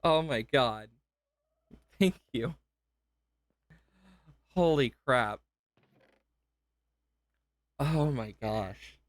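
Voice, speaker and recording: A man's voice: mid-range voice, lively intonation, very slow, pauses often, no echo. A young man livestreaming a game, emotional and gushing, rambling with self-interruptions and repeated thanks. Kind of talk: live gameplay stream chat.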